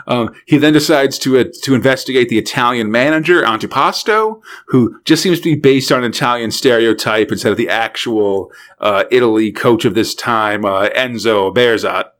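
A man in casual podcast chat, recapping an old cartoon in a laid-back, rambling way. He speaks at an ordinary middle pitch, filling gaps with "uh" and "like" and laughing easily between points. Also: moderate pace, fairly bright tone. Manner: laid-back storytelling with frequent fillers and laughs.

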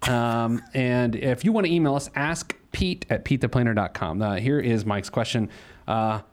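A man's voice: medium pitch, normal speed. A man hosting a money advice show, talking casually and joking, with lots of fillers. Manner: joking, rambling with many fillers. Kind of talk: casual radio show banter.

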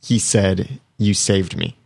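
Man, low voice, gravelly, casual podcast chat, detailed recaps. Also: slow pace, darkish tone. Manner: chatty, recaps scenes in detail. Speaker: podcast co-host.

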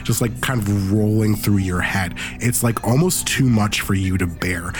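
Low-voiced laid-back game master. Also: male voice, normal speed, over music. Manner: relaxed, loose, many fillers. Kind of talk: narrating a tabletop game.

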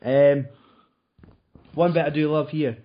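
A man's voice: on the high side, steady tone, slow pace. Male podcast host, casual and profane, rambling delivery, dull lo-fi recording. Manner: swears a lot, rambling with fillers. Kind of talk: casual chat.

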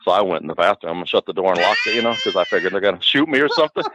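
Guy rambling thru funny road stories, low voice, kinda muffled dry line. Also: expressive, very fast, heavy background noise. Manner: rambling anecdotes with laughs and acted-out quotes. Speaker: podcast guest. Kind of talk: casual storytelling.

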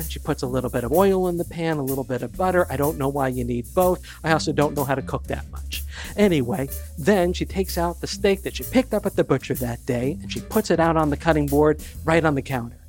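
A man with a fairly high voice telling a story to an audience, wry and conversational, leaning on key words. Faint music plays softly behind him. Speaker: speaker. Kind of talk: storytelling talk.

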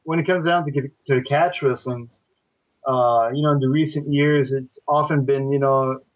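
Halting man, dull lo-fi sound. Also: medium pitch, fairly even intonation, no room sound. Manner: halting, full of fillers and repeated starts. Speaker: catch wrestling instructor, guest. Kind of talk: casual podcast chat.

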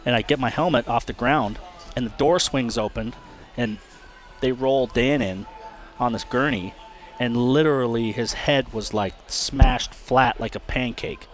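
A man's voice: mid-range voice, unhurried. A man, a retired race car driver, talking candidly as an interview guest, often repeating himself and swearing. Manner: frank, repeats words and restarts, swears.

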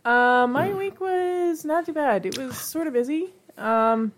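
A woman's voice: sits high, a little slow, noisy background. A young woman co-hosting a podcast, rambling and chatty in casual conversation. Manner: rambling, chatty, laughs easily. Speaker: podcast co-host. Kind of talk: casual chat.

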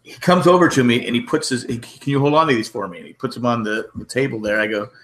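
A man's voice: mid-range voice, fast talker, a bit bright. A man co-hosting a podcast, telling anecdotes in casual chat and laughing through his stories. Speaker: podcast co-host.

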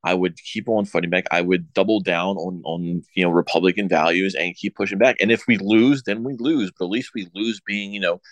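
A man co-hosting a political talk show, arguing his case haltingly with many fillers and repeated words. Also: deep voice, dry recording. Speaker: show co-host.

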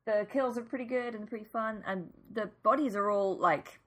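A woman co-hosting a podcast, reading a film synopsis and chatting in a relaxed way with many "um"s. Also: mid-range voice, normal speed. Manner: relaxed, hedging with "um" and "uh". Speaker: podcast co-host. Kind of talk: casual chat and read synopsis.

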